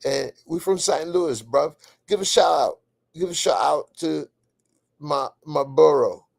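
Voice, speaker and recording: This is a chummy English bloke, mock-posh and playfully overdone, as a man puts him on during a late-night stream. He sits a little higher and louder than his speaker's usual low, slow voice. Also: animated, creaky, exaggerated voice. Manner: playful exaggerated British impression.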